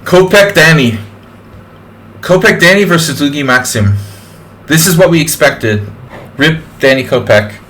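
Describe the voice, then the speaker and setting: Male chess streamer, casual rambling commentary, slow pace, fairly high voice. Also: fairly bright tone, slight background noise. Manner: chatty, rambling.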